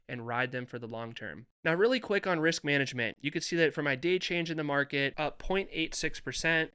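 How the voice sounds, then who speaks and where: A man's voice: a little high, bright, forceful tone, clean tone. A young man hosting an investing channel, explaining trades over charts with confident, emphatic, repetitive phrasing.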